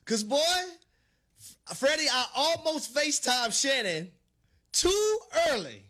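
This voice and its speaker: A middle-aged man with a high, bright voice that swoops wildly up and down. He talks sports on the radio like a revival preacher, sing-song and shouting. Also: sing-song, a little slow. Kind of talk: animated sports radio banter.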